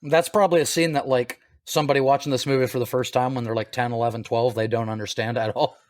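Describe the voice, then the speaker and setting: A man's voice: medium pitch, steady tone, fast talker, no echo. Easygoing podcast guy, laughs a lot, middle voice, dry. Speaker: podcast co-host. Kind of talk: casual chat.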